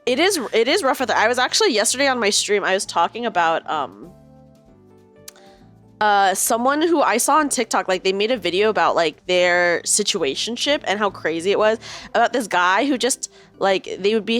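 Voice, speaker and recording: Lively woman streamer reading stories aloud. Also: medium pitch. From United States. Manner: laughs often, animated storytelling. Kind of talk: casual chat and reading aloud.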